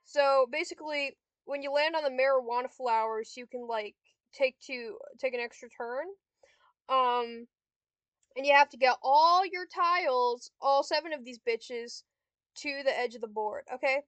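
A woman's voice: high-pitched, a little slow, a bit bright, clear, resonant tone, no echo. A young woman giving casual gameplay commentary, swearing and snapping frustrated insults at a computer opponent. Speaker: gamer vlogger.

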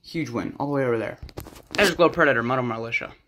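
A man giving quick, excitable play-by-play commentary of toy truck races on a rug at home. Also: medium pitch. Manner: quick excitable race calls with sudden exclamations. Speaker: race commentator and organizer. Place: indoors at home on a rug floor. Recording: loud background noise with clicks.

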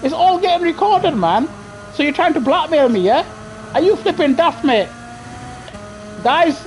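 A man's voice: extremely high pitch, lively intonation, a little slow, pauses often, slight background noise. Guy live-streaming a racing game on a headset, slangy, talks right at the chat, keeps repeating himself. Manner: slangy, talking straight at viewers, repeats himself. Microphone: gaming headset.

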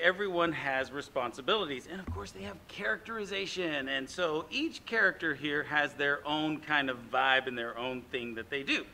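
A man teaching an acting class, explaining warmup games with energy. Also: fairly high pitch, a little hiss or hum. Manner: energetic, demonstrating animal sounds. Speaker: drama teacher. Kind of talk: classroom instruction. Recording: echoey room.

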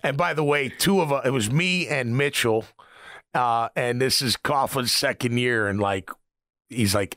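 A man's voice: mid-range voice, unhurried, no echo, studio quality. A middle-aged man, a former linebacker, hosting a sports radio show and telling locker-room stories with frequent laughter. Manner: storytelling, laughs often, animated. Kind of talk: casual sports talk.

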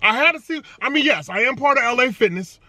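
Hyped up dude vlogging, super high bouncy voice, slangy and playful. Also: male voice, animated, quick pace, pushed and bright, no room sound. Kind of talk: casual hype vlog talk.

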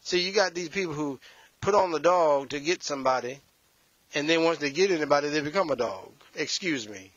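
A man's voice: on the high side, expressive, a little fast, a bit bright, no echo. A male pastor preaching a sermon, scolding and addressing the congregation directly, heard on a dull, slightly lo-fi recording.

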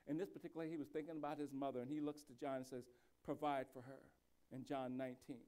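A man, a pastor, preaching a sermon, moving between quiet reflective speech and loud, slow, emphatic delivery, with frequent restarts and repeated words. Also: medium pitch, level tone.

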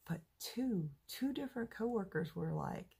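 Woman, vlogger, husky raspy voice, unhurried, casual chatty diary talk. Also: a little high, lively intonation, warm tone. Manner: chatty, upbeat, self-deprecating.

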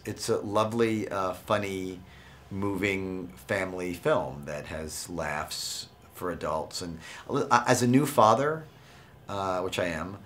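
A man talking as an actor and interview guest, relaxed and wry in casual conversation. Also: on the low side.

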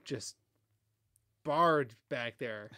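A man's voice: medium pitch, drawn-out words, pushed and bright, clean tone, dry recording, studio quality. A man co-hosting a podcast in casual chat, joking and laughing often. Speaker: podcast co-host.

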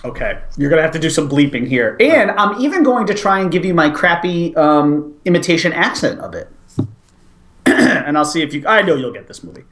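Male co-host, very animated pitch, rambling fan energy. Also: fairly quick. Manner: enthusiastic, rambling, breaks into laughter. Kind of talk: casual chat.

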